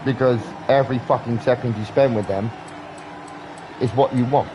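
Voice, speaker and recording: A man's voice: mid-range voice, fairly even intonation, normal speed, noisy background. A British man in his thirties rambling earnestly in a casual live-stream chat, swearing often. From Britain.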